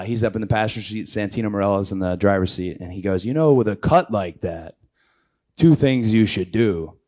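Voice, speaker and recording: Male interview guest, 30s, slightly low voice, lively storyteller who acts out the quotes. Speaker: interview guest, pro wrestler. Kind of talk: casual anecdote telling.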